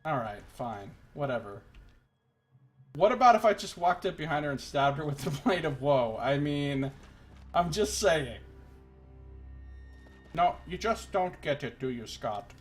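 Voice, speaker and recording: A man's voice: on the high side, expressive, unhurried, pauses often, faint music behind. A man giving rambling, joking commentary as he plays a game on stream, ranting now and then, at a desk microphone. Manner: rambling, joking, exasperated rants. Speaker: let's play streamer. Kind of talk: gameplay commentary.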